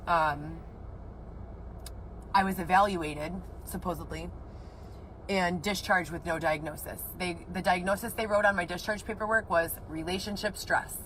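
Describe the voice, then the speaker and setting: A woman's voice: lowish voice, moderate pace, fairly bright tone, a little hiss or hum, rough recording. A woman telling her own story in an agitated, rambling way, swearing often. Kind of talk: emotional personal account.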